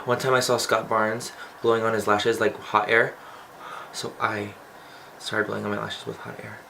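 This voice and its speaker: Young man, campy beauty vlogger, bright voice, faint room noise. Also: on the low side, little pitch movement, moderate pace, creaky. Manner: chatty, campy, swears playfully. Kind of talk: casual makeup tutorial.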